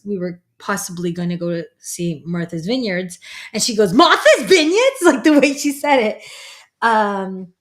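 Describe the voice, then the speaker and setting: A woman, a psychic medium, hosting a casual livestream in a chatty, rambling way and greeting viewers by name. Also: lowish voice.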